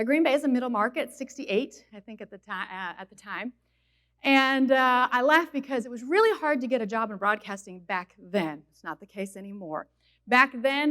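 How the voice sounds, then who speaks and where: A woman in her forties from Minnesota giving a personal testimony at a college chapel, telling her story in a lively, conversational way. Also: fairly high pitch. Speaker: chapel speaker.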